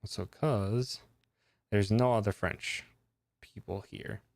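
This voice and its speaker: A man's voice: on the low side, fairly even intonation, takes it slowly, creaky, darkish tone, dry recording. A man streaming a game, musing aloud as he works through its puzzles in casual commentary.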